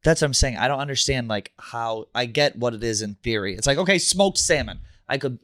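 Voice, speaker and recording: A man's voice: mid-range voice, a little fast, a bit bright, no echo, studio quality. A young man co-hosting a podcast, teasing his friend in easy casual chat. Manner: teasing, joking. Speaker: podcast co-host.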